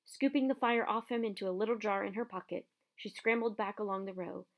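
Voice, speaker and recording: A woman reading a novel aloud chapter by chapter, narrating in a steady storytelling manner. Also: mid-range voice, brisk. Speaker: audiobook reader.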